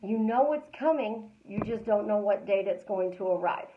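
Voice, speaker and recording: A woman hosting a live stream as a life coach, talking casually and repeating calm affirmations in a chatty, storytelling way. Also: medium pitch, normal speed, echoey room, phone-quality sound, a little hiss or hum.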